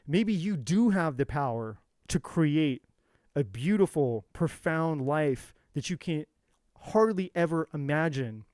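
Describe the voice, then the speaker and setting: A man's voice: fairly high pitch, lively intonation, takes it slowly, a little mellow, dry recording, clean studio sound. A man giving an intense, profane motivational monologue as a tarot reader, hammering his points with repetition.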